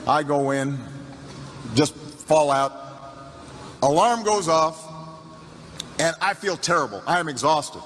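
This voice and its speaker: A man's voice: on the high side, animated, slow pace, long pauses, a bit bright. A middle-aged man telling a story in a campaign speech, repeating phrases for emphasis and restarting his sentences. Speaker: political speaker. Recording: reverberant hall with background noise.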